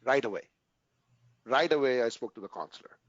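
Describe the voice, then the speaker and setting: A man's voice: medium pitch, lively intonation, no echo, lo-fi sound. Earnest man asking "right?" after every point. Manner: earnest, repeats "right?" often, pauses to restart sentences. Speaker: interview guest. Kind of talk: casual conversational interview.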